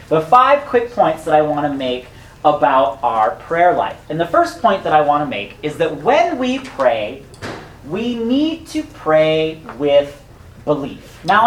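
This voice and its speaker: Low-voiced woman preaching a sermon. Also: reverberant, a little hiss or hum, poor audio. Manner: teacherly, explains step by step.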